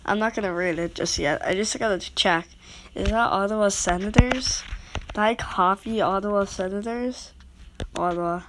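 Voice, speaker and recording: A woman's voice: mid-range voice, normal speed, background noise. A woman making a casual video who rambles and interrupts herself while talking straight to her viewers. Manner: rambling, self-interrupting, talks to viewers directly. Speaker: video creator rating goal horns. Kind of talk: casual rambling vlog talk.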